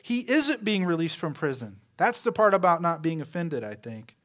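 Male pastor, slightly high voice, talky sermon full of rhetorical questions, trails off softly at phrase ends. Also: sing-song, moderate pace. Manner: conversational preaching with rhetorical questions.

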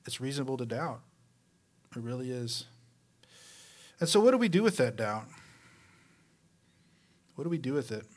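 A male pastor preaching a conversational sermon, asking rhetorical questions and letting his voice fall soft at the ends of phrases. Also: mid-range voice, animated, normal speed, long pauses.

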